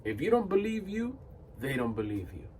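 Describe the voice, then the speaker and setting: A man's voice: fairly high pitch, wildly swooping pitch, normal speed, darkish tone, distant mic, slight background noise. A man giving a blunt, emphatic motivational monologue to camera. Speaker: motivational vlogger.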